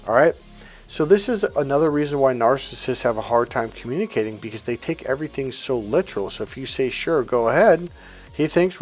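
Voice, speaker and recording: A man's voice: on the high side, sing-song, brisk, soft background music. A man coaching on relationships in a loose, slangy monologue, acting out short exchanges between people. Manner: loose, slangy, acts out little dialogues in quotes. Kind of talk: casual monologue to camera.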